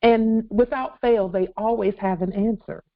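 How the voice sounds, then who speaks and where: A woman's voice: medium pitch, fairly even intonation, unhurried. Woman on a tinny phone line. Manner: earnest, repeats key phrases for emphasis. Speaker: leader of a weekly assembly. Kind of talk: addressing a conference-call assembly.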